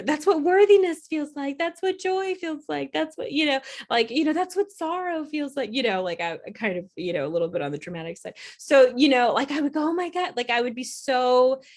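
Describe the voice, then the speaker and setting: Chatty woman holistic doctor talking to camera. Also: medium pitch. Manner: conversational, many fillers, animated when re-enacting herself. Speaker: holistic doctor and channel host. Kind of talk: casual educational talk.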